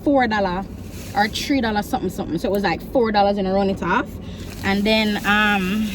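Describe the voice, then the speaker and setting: A young Jamaican vlogger with a medium-pitched voice talks fairly quickly into her phone, background noise audible. Her casual travel chat turns animated when she tells stories, quoting people in patois with her Jamaican accent.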